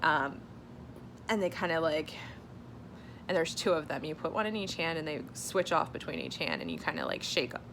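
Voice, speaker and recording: A woman's voice: deep voice, big pitch swings, normal speed, fairly bright tone, a little hiss or hum. A young woman vlogging at home, candid and chatty, sometimes dropping to a whisper. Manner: chatty and candid, many fillers, drops to a whisper at times. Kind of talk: casual personal vlog.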